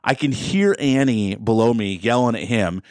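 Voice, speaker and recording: A man's voice: moderate pace, no echo, studio quality. A man in his thirties co-hosting a podcast, telling a long rambling story in casual chat, his voice jumping up when he gets exasperated. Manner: animated, rambling, jumps up in pitch when exasperated. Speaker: podcast co-host.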